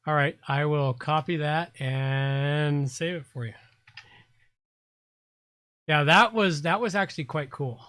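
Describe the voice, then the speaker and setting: Slow-talking Canadian host. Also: mid-range voice, fairly bright tone, dry recording. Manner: slow, halting, restarts words. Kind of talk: casual live show chat.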